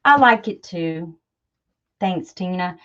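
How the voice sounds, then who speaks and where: A woman's voice: fairly low pitch, lively intonation, takes it slowly, a bit bright, muffled recording. A woman chatting casually and self-deprecatingly to her viewers while she crafts, with lots of fillers. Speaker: crafting channel host.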